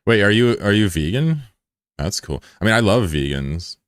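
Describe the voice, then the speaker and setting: Hosting a live stream, a man chats casually and teases viewers with crude, joking banter. He's animated and speaks at a moderate pace in a low voice. The sound is close and dry, with no room echo.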